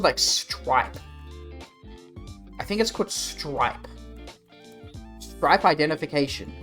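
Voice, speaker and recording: A man's voice: on the high side, a bit bright. A young Australian man chatting casually with his stream viewers, rambling and swearing in a laid-back way. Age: young adult. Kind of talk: casual livestream chat.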